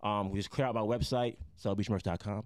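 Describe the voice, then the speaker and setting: Low-pitched, laid-back man from Jamaica; rambling podcast guest, dry close sound. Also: fairly even intonation, fairly quick, smooth, no room sound. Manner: laid-back, rambling, fond of "you know what I'm saying". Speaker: guest musician. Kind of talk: casual podcast conversation.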